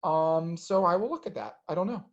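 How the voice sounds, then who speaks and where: A man's voice: sits high, normal speed, vocal fry, lo-fi sound. A man answering audience questions in a webinar, hesitant, with many ums and restarts.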